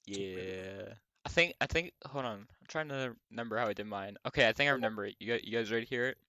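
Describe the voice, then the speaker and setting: A man's voice: on the low side, fast talker, sharp tone, no room sound. A man hosting a stream, chatting casually and rambling with frequent restarts. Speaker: streamer host. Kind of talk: casual chat.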